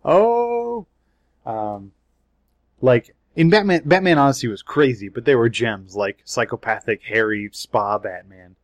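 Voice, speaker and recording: Male co-host, animated and swearing in casual chat, very expressive pitch. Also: a little slow, no echo. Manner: animated, swearing, laughing between points. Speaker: podcast co-host.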